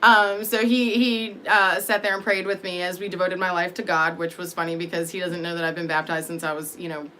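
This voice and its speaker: A woman talks straight to the camera in a loose, rambling monologue. Her voice is bright and sharp. She swears freely and fills her pauses with ums and likes, with a faint hiss underneath. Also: fairly low pitch, flat delivery. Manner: candid, rambling, profane, with frequent fillers. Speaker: vlogger. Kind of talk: casual storytelling monologue.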